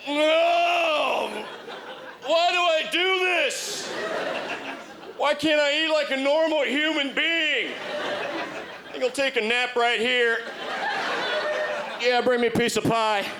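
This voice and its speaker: A man's voice: very high voice, slow, pauses often, over a noisy crowd, very noisy, pitched above the performer's own voice, exaggerated voice. A man playing a whiny, groaning father who has eaten far too much. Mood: whining. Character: groaning overstuffed older dad, whiny.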